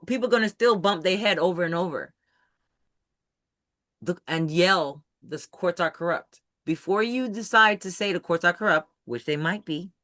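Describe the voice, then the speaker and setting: A host with a bright, forceful voice leads a live online study session. The sound is dry and close, with no room around it. The host talks emphatically and keeps stopping to check that the group is following. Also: mid-range voice, no echo. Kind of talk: live video-call teaching session. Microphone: computer mic on a video call.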